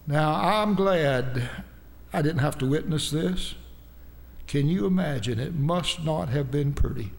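Gravelly preacher in a hall. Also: male voice, a little high, animated, unhurried. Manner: emphatic preaching that rises into shouts. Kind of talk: sermon. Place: church sanctuary. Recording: long hall reverb.

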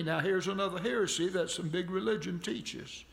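A man's voice: sits high, normal speed, creaky. A man preaching a sermon as pastor, reading scripture aloud in a folksy, conversational way and stressing key words.

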